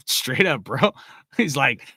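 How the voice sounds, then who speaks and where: A man's voice: mid-range voice, big pitch swings, takes it slowly, breathy edge, dry recording. Young man, sports podcast host, heated profane rant, mid-range voice, dry close sound. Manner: heated, swears constantly, loud bursts. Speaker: podcast host reading live chat.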